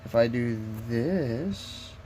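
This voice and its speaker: A man on a casual phone live-stream speaks very slowly in a mid-range, dark voice with lively intonation, muttering frustratedly to himself and chat as he tries to sort out the app's settings. There's a little hiss or hum in the audio.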